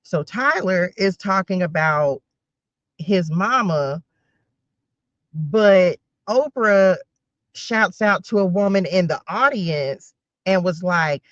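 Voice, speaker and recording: A woman in her forties with a fairly low, slightly bright voice and lively intonation speaks slowly as she gives a casual spiritual tarot reading. She's chatty, addresses her viewers directly, and keeps wandering into personal asides. The recording is dry and a bit muffled, with no room sound.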